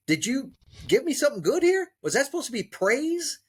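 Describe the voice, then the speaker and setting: A man's voice: very high voice, sing-song, normal speed, voice pushed up. A man voicing a male family dog who incredulously questions its owner, complaining that the praise felt empty. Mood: indignant.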